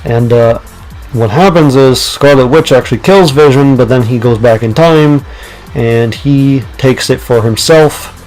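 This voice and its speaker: Young guy rambling thru a movie review, lots of ums, middle pitch, faint music under it. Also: a little slow, darkish tone, rough recording. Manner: rambling, lots of ums and uhs, retells scenes in quotes. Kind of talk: casual spoken film review.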